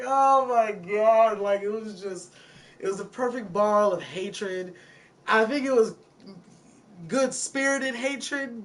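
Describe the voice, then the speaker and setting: High-voiced Detroit man chatting loosely. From Detroit, USA. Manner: loose, profane, frequent laughing asides. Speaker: music producer streaming to viewers. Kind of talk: casual livestream chat. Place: recording studio.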